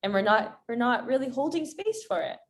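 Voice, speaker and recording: A woman coach, a guest on a podcast, talking in a calm and reflective way with spiritual phrasing. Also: on the high side, a little fast. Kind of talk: casual podcast conversation.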